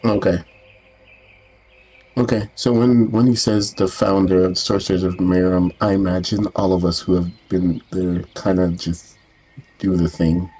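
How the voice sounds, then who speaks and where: A man's voice: sits low, fairly even intonation, normal speed, warm tone, slightly rough, low-quality recording. A man playing a tabletop game, speaking hesitantly and often restarting his sentences. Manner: hesitant, with many fillers and restarts. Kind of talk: casual chat and in-character role-play.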